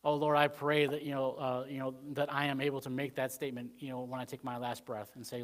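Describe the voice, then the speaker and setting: A man preaching a Wednesday sermon in church in a rambling, conversational way, full of "you know" fillers, swinging between emphatic points and quiet asides. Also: mid-range voice, little pitch movement, fast, few pauses. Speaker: pastor.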